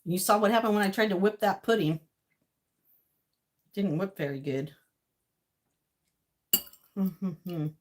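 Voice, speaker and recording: A woman in her home kitchen chats through a cooking experiment, thinking out loud and laughing at her own mishaps. Her voice sits at an ordinary middle pitch. Dishes and cutlery clink around her. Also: measured pace, long pauses. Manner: rambling, self-talking, laughs often. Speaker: cooking vlogger. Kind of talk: casual kitchen chatter to viewers.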